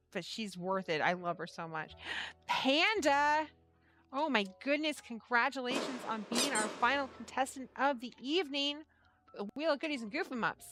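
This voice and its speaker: Fields: Sex: woman. Role: live-stream host. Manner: chatty, laughs a lot, casual swearing. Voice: bright, fairly high. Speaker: livestream host and yarn shop owner.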